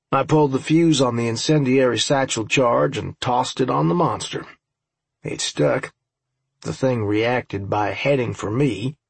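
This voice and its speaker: A man's voice: mid-range voice, vocal fry, breathy edge, no echo. A man narrating an audiobook in the first person, with a dry, wry, profane manner.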